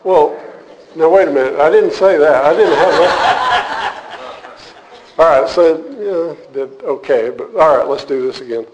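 A man's voice: fairly high pitch, a little slow, long pauses, low-quality recording. A man teaching a church group in a casual, joking way, then turning earnest as he explains a point. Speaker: teacher leading a church class. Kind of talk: casual sermon to a live group.

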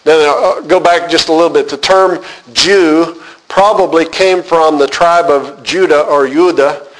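A man teaching a Bible class, reading scripture aloud and explaining it with frequent pauses, asking his class questions. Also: on the high side, fairly even intonation, a little hiss or hum, rough recording. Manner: unhurried, reads scripture aloud then explains with many "uh" pauses.

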